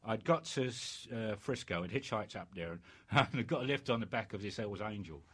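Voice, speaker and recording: An older British man rambles through life stories in a casual interview, full of fillers and restarts. His voice sits fairly low and sounds animated and brisk, a bit bright and slightly rough.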